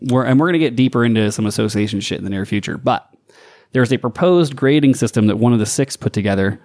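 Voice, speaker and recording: A man's voice: mid-range voice, fast, darkish tone, dry recording, studio quality. Laughing man co-hosting a podcast. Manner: laughs often, reads listener emails aloud. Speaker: podcast co-host. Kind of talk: casual podcast chat.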